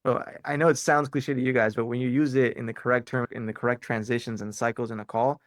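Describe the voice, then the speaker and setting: A man runs a sales training call in a loose, bro-ish way, tagging "right?" and "man" onto nearly every point. His voice sits at an ordinary middle pitch. The sound is dry and close, with no room echo. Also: little pitch movement, fast talker. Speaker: sales coach.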